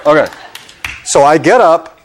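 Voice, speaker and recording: A middle-aged man, a talk show guest telling a drawn-out anecdote and acting out his own exasperation. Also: fairly high pitch, expressive, noisy background. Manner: drawling storyteller, acting out exasperation.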